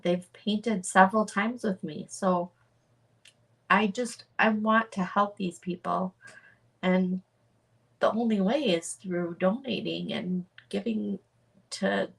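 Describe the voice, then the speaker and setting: A woman chatting casually on a livestream about her art project, halting and full of fillers and restarts. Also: mid-range voice, creaky, slightly rough, far from the mic. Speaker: artist livestreaming a charity project.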